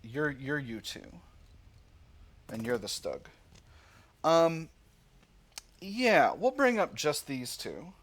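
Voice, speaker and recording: A man's voice: a little high, sing-song, takes it slowly, pauses often, a bit bright. Man musing through a strategy game. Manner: thinks aloud, reads game text aloud with hesitations. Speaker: gaming channel host. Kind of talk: casual strategy game commentary.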